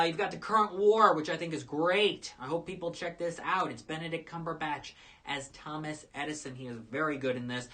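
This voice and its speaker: A woman's voice: low-pitched, fairly bright tone. A woman hosting a live show as a film critic, giving casual, opinionated movie reviews with frequent uhs and restarts.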